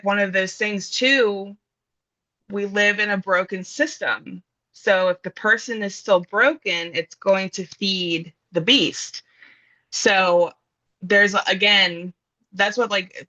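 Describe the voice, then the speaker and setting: A woman's voice: on the low side, pushed and bright, dull audio. A woman in an earnest, casual conversation about grief, thinking aloud with fillers and restarts. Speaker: guest speaking on grief.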